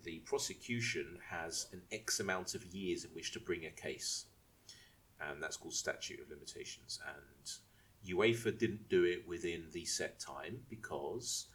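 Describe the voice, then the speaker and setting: A man's voice: deep voice, measured pace, fairly bright tone. A man co-hosting a casual football podcast, rambling, restarting his questions and explaining things at length. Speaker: podcast co-host.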